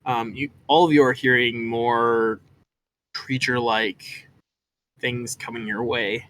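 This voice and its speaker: A man with a sharp, bright voice runs a tabletop game as its dungeon master. He sets each scene at an easygoing, unhurried pace for his players, with a faint hiss of noise behind him. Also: medium pitch, fairly even intonation.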